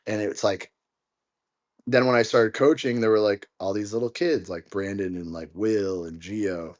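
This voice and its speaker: A young man guest on a podcast, telling stories in a lively way with lots of filler words. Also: lowish voice, a little slow, muffled recording. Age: young adult. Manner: storytelling, animated, many fillers like "like". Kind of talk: casual conversation.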